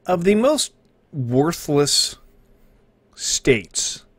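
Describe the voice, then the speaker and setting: A man's voice: a little high, big pitch swings, very slow, breathy edge, dry recording. A man hosting a live stream, reacting to viewer links with sarcastic, swearing commentary that sometimes turns mock-preachy.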